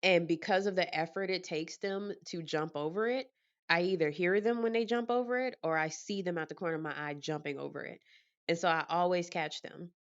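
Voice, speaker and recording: A lower-voiced woman chats casually to camera from her apartment, telling stories with plenty of life and frequent laughter. The recording is a bit dull and lo-fi. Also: brisk, smooth. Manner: animated, laughing storyteller. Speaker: vlogger.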